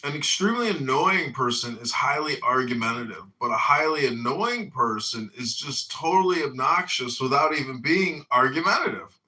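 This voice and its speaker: A man with a Chicago accent talks in a lively, swooping voice with a bright edge. He is blunt and sarcastic in casual chat. The sound is an echoey phone line, picked up from well back. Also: moderate pace, hardly any pauses. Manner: blunt, sarcastic, gets loud and high when ranting. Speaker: political candidate and streamer.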